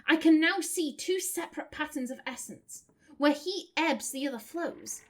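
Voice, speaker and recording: Clinical woman scholar, businesslike, high voice, read by a woman. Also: lively intonation, normal speed. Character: brisk woman scholar studying souls.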